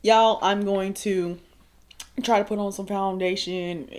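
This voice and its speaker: A woman's voice: medium pitch, steady tone, unhurried, a little mellow. A woman in her thirties telling a storytime while doing her makeup, chatty and laughing often. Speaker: vlogger.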